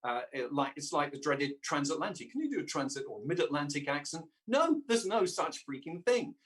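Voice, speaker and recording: An English voice actor, a guest in a casual interview, speaks in a fairly high, sing-song, fairly bright voice. His delivery is halting, full of fillers, and he keeps restarting his sentences.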